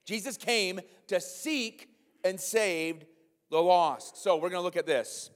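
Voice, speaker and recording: A man preaching a sermon as pastor, animated and sometimes acting out a comic scene. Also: in a large hall. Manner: animated, acts out a comic scene in a loud high voice.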